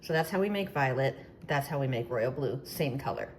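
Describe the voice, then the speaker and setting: A woman's voice: rumbling low, expressive, fairly quick, a little mellow, slight background noise. A woman hosting a baking tutorial, chatting casually with playful, self-deprecating asides as she demonstrates.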